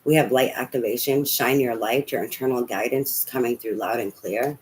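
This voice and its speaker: A man's voice: medium pitch, normal speed, low-quality recording. Male tarot reader, casual, chatty, a bit profane, mid-range voice, faint background noise. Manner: chatty, swears casually, talks to spirit aloud.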